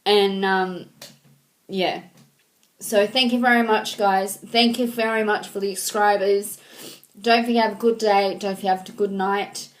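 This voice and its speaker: A woman in her thirties speaks to her viewers at an unhurried, slow pace. Her talk is halting and sentimental, full of ums and restarts, in a medium-pitched voice. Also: steady tone. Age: 30s. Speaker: vlogger. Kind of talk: casual heartfelt talk to camera.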